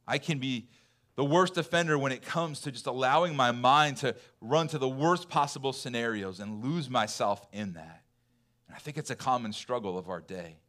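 A man in his thirties preaching a sermon in a church, chatty and full of fillers, dropping to soft, intense lows. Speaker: pastor. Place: church hall.

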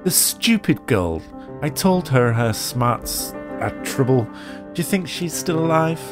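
A man voicing an anxious middle-aged mother, raising his pitch and sounding fretful. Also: animated, slow, music in the background.

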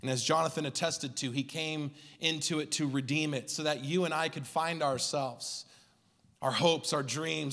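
A male pastor giving a Christmas Eve sermon in rhythmic preaching cadence, swinging from loud to hushed. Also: fairly high pitch, gravelly, big-room sound. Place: church sanctuary.

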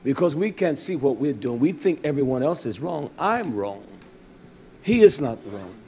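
An older man preaching with fervour, his voice sitting a little high for a man. He swings from forceful declarations to low, half-muttered asides. His phrasing is blunt and emphatic, full of pointed rhetorical questions. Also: sing-song, normal speed, a little hiss or hum. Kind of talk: sermon.

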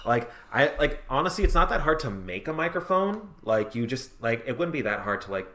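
A man's voice: medium pitch, very animated, fairly quick, pushed and bright. A young man from California, co-hosting a podcast in casual chat, rambling with lots of fillers. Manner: rambling, filler-heavy, 'like' every few words. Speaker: podcast co-host.

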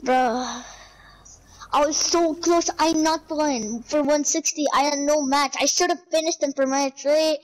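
High-voiced panicky woman gamer. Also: steady tone, unhurried, low-quality recording. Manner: panicky pleading repeats. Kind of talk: casual gaming chat.

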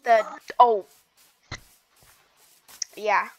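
A woman chatting casually while playing a video game, excitable and giggly, gasping and stammering as she goes. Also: mid-range voice, drawn-out words, poor audio. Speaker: gaming video host. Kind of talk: casual gameplay chat.

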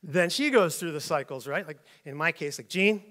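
A bright, high-pitched middle-aged man delivers a sermon full of lively storytelling. He keeps slipping into voices for the people in his stories, sometimes shouting them out. The tone is that of a preacher talking easily to his congregation. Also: fairly quick. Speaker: pastor.

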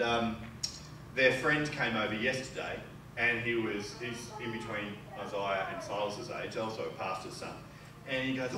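A man preaching a sermon as pastor, animated and playful, acting out the people he quotes. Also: medium pitch. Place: church sanctuary. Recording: echoey church hall from far off, audible noise.

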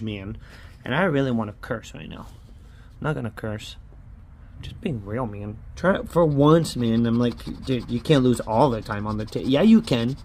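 Animated and a little mellow, a man with a medium-pitched voice speaks at a moderate pace. He runs a lottery scratch-off channel and grumbles in frustration through a casual vlog while scratching tickets, often adding "man" to his sentences.

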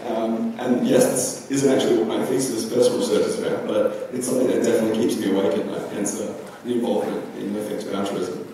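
A man's voice: fairly low pitch, little pitch movement, quick pace, hardly any pauses, mellow, slight background noise. A young man giving a philosophy talk at a conference, loose and chatty with frequent ums. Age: young adult. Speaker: conference speaker. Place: large lecture hall. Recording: echoey hall from far off.

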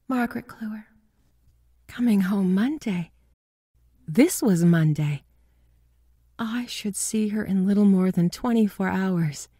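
A woman with a low, breathy voice narrates a ghost story from a script. She reads slowly and often sinks into a whisper. The recording is close and dry. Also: no echo. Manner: hushed, often whispering delivery.

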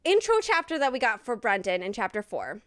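A young woman co-hosting a casual book club podcast, giggly and animated, with lots of "like". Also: fairly high pitch, brisk, no room sound, clean studio sound. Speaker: podcast co-host.

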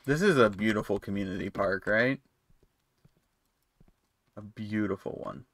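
A male streamer chats his way through a horror game, playful and self-mocking, with a bright, forceful tone. The sound is dry and close, and he swears freely between jokes. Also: fairly low pitch, unhurried, vocal fry, pauses often, dry recording. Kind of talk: casual game commentary.

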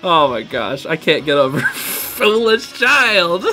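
A man hosting a reaction video, excitable, laughing often and saying "dude" a lot. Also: on the high side, takes it slowly, faint music behind. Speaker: host reacting to fan videos. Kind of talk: casual reaction commentary.

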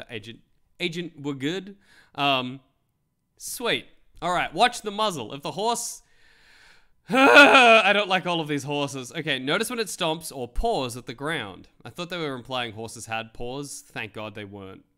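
A young man streaming, joking and swearing as he reads web articles aloud. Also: medium pitch. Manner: joking, animated, swears freely. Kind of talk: casual commentary reading web articles.

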